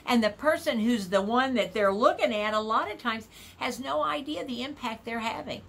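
A woman's voice: on the high side, normal speed, hardly any pauses, a little hiss or hum. Folksy woman preaching to a congregation. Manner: folksy, animated, asks the congregation questions. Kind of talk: sermon.

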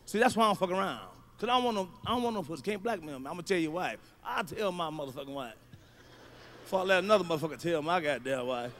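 A male stand-up comedian, delivering a profane routine with shouted punchlines. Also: sits high, animated, racing, hardly any pauses, slight background noise.

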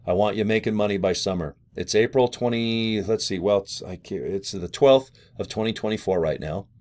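A man vlogging a loose, chummy sales pitch, talking straight to viewers about joining as an affiliate. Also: moderate pace, a little mellow. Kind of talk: casual pitch to camera.

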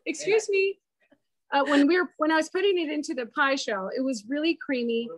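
Woman, high voice, video call, relaxed and talkative, lots of "um"s, dry close sound. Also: brisk, no room sound. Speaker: guest sharing a dessert. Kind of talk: casual chat demo.

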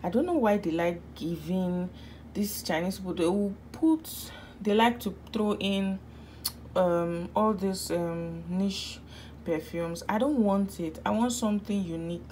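A woman's voice: medium pitch, measured pace, darkish tone, slight background noise. A Nigerian woman chatting casually in a home vlog from her bedroom, full of dramatic asides and sometimes dropping to a whisper. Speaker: vlogger.

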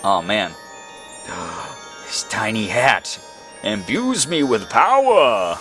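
A young man commentating a video game, excitable and quick to exclaim. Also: on the low side, over music. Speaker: gaming video host. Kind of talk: let's play commentary.

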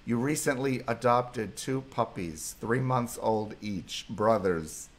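A man's voice: medium pitch, slow pace. A middle-aged man, a psychologist hosting a live stream, effusively thanking viewers and reading their comments aloud.

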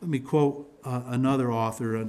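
A pastor preaching a sermon in church, explaining scripture in a teaching manner with frequent restarts and repeated words. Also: male voice, mid-range voice, steady tone, fairly quick, darkish tone. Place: church sanctuary.

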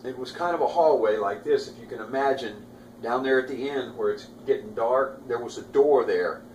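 A man's voice: mid-range voice, normal speed, darkish tone, a little hiss or hum. A man in his sixties casually recalling a past event, rambling with restarts and asides. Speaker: storyteller recalling a past crime. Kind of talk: casual first-person recollection.

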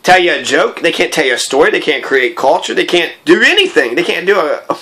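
A man's voice: fairly high pitch, very animated, fairly quick, bright, forceful tone. A man in an angry, profane, rambling personal monologue.

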